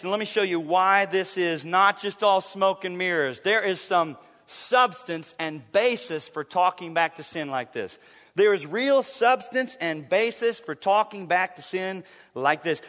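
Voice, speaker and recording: A man preaching a sermon as pastor, emphatic and playful, swinging from loud declarations to hushed, drawn-out phrases. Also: sits high, expressive. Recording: long church reverb.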